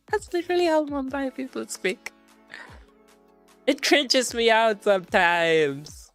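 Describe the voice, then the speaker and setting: A woman's voice: fairly high pitch, slow, fairly bright tone, soft background music, pitched above the performer's own voice. A woman putting on a mocking impression of an affected young woman faking a posh English accent, drawling and full of fillers. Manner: drawling, filler-heavy, exaggerated.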